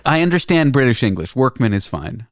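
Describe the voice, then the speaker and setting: A man's voice: mid-range voice, very animated, brisk, dry recording. A man hosting a casual talk show in a dry, matter-of-fact way, pulling the conversation back on track. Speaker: host. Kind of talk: casual chat.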